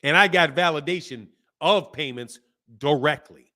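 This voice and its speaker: A man hosting a boxing live stream, reading viewer comments and ranting in animated, slangy talk. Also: a little high, normal speed. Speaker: boxing channel host.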